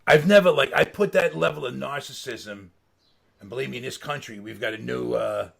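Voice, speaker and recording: Middle-aged male guest, gravelly and a little husky, animated storyteller with a salty tongue. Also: mid-range voice, fairly quick. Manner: animated anecdotes, swearing, laughing mid-sentence. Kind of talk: casual storytelling.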